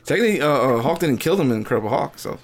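A man's voice: medium pitch, expressive, a little hiss or hum. A man co-hosting a casual movie review, agreeing often and adding details with a laugh. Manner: agreeable, chimes in with quick yeahs and laughs. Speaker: podcast co-host.

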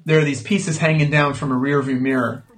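A man's voice: a little high, steady tone, brisk. Thoughtful American man, hesitant speech. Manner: hesitant, thoughtful, many fillers. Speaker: guest musician. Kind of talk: casual interview chat.

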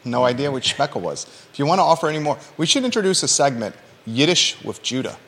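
A man's voice: mid-range voice, animated, fast talker, a bit bright. A male talk show host who reads the local news and then jokes around with his co-host, pushing him with teasing repeated questions. His voice sits in a middle range, and the room gives it a long, lingering reverb.

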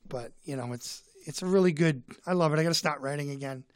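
A man's voice: a little high, fast talker, no echo, studio quality. A man from Boston with a Boston accent, a comedian telling stories as a guest in a casual, rambling way, fighting a cold. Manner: rambling, chatty. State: has a cold. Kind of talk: casual storytelling.

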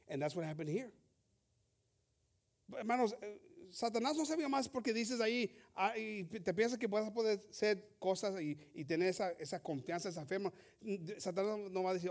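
A male pastor preaching a fervent sermon, stumbling over and repeating words as he builds from quiet reading to loud exhortation. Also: high voice, fast.

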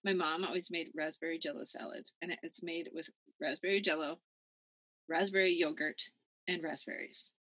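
A woman co-hosting a casual chat, animated and quick to laugh, swearing freely. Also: sits low, dry recording. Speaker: podcast co-host.

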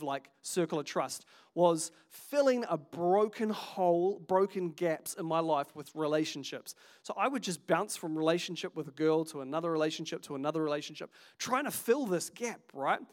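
A man in his thirties with a New Zealand accent, preaching a sermon as a pastor in a lively, conversational way with jokes and asides. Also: sits high.

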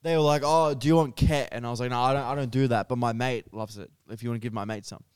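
A man's voice: medium pitch, fast, clear, resonant tone, dry recording, clean studio sound. A young man with an Australian accent, telling stories in casual podcast chat and laughing often. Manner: animated storytelling, laughs often, acts out voices. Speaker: podcast host.

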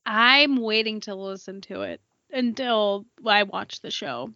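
A woman's voice: medium pitch, a little slow, bright, forceful tone, no echo, dull audio. A woman co-hosting a podcast in casual chat, reacting often with short agreements. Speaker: podcast co-host.

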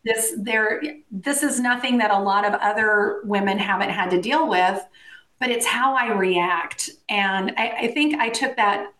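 A woman guest telling stories in a casual interview, animated, laughing often and acting out the voices of people she quotes. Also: mid-range voice, measured pace. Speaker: guest, industry co-founder. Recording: roomy echo.

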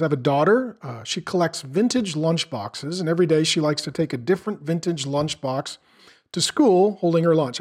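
A middle-aged man preaching a sermon in an earnest, conversational way, asking the listeners questions. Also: a little high. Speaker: pastor.

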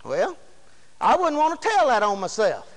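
A man with a Southern accent preaching a fiery revival sermon, telling stories in folksy speech and shouting praises. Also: extremely high pitch, huge pitch swings, normal speed, big-room sound, low-quality recording. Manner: shouts praises, storytelling with acted quotes.

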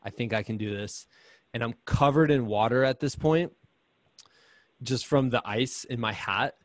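A man's voice: mid-range voice, normal speed, no room sound. A man talking casually as a podcast guest, telling a story in a chatty way with lots of "like" and fillers.

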